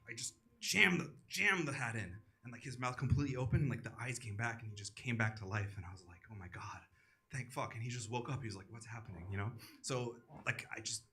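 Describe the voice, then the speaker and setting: Bright-voiced man rambling through a stand-up story. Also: mid-range voice. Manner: crude rambling storytelling, loose filler-heavy delivery. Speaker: stand-up comedian. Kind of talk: stand-up set. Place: comedy club stage.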